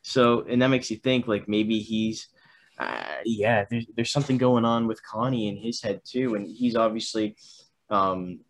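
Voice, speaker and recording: A young man in a casual chat about a film, talking in halting stretches full of restarts and fillers. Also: on the low side, steady tone. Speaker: film discussion co-host.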